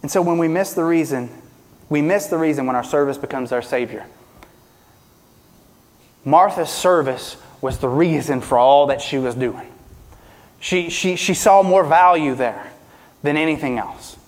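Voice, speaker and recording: High-voiced man preaching in a reverberant hall. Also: unhurried, long pauses, darkish tone. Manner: preaching with rhetorical questions, pitch and volume swinging widely. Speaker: pastor. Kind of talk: sermon.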